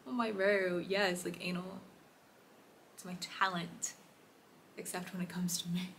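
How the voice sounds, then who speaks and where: A woman's voice: medium pitch, sharp tone. A young woman in her twenties talking casually to the camera at home, rambling and laughing often. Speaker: vlogger. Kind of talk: casual vlog chat. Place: home, indoors. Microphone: phone or camera held close. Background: air conditioner hum.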